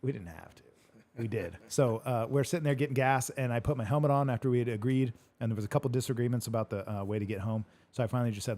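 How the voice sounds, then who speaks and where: A man's voice: mid-range voice, fast, a little mellow. A man hosting a casual podcast chat, swearing freely and acting out the arguments in his stories. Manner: swears a lot, retells arguments animatedly. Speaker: podcast host.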